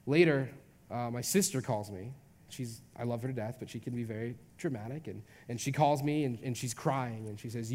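A man's voice: medium pitch, moderate pace, a little mellow. A young man, a youth pastor, telling a personal story in a casual, chatty sermon full of fillers. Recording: long hall reverb.

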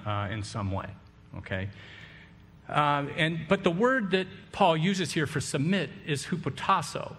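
A man preaches in a loose, conversational way, tossing questions out to the congregation. His voice is bright and forward, and it rings out with a long reverb tail, as if he is in a large church hall. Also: mid-range voice, slight background noise. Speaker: pastor. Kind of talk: sermon.

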